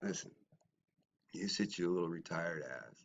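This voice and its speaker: A man ranting at critics in a response video, mocking and swinging from low muttering to loud shouting. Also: animated, takes it slowly, gravelly, long pauses, dull audio, a little hiss or hum. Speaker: YouTuber. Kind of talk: confrontational response video rant.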